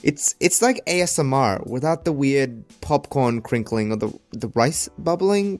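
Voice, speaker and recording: A man with an Australian accent telling a humorous animated story in an expressive, jokey way that bursts into exasperated rants. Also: on the high side, moderate pace, hardly any pauses, faint music behind.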